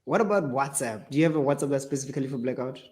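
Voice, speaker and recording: A man's voice: medium pitch, rapid-fire, a crowd in the background. A man hosting a casual interview, playful and teasing. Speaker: host. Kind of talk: casual interview chat mixing in Setswana. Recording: roomy echo.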